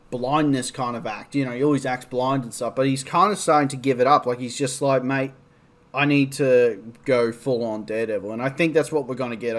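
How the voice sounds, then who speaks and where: A man's voice: mid-range voice, fairly bright tone. A young man casually reviewing a TV episode with a blocked nose, rambling with plenty of ums and likes and swearing freely. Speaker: TV show reviewer.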